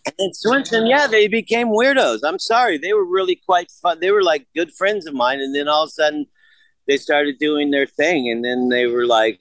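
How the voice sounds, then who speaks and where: A man's voice: fairly high pitch, normal speed, fairly bright tone, no room sound, poor audio. An older man in a casual interview, blunt and profane, rambling through stories. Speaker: guest.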